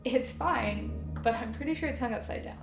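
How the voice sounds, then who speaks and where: A woman's voice: a little high, normal speed, vocal fry, music in the background. An actress playing a guarded, hesitant young professional woman in a fan film drama.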